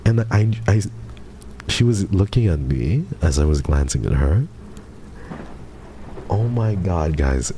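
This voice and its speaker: A man's voice: low voice, expressive, slow, long pauses, mellow, a little hiss or hum. A young man streaming, telling a story to his chat in a rambling, flustered way full of fillers and casual swearing. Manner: swears casually, addresses chat as "bro" and "guys".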